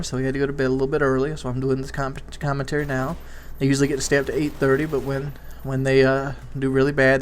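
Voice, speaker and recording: A man's voice: mid-range voice, slight background noise. A man doing a casual, rambling commentary, telling a candid parenting story with many restarts. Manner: rambling, repeats words and restarts. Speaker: YouTube commentator.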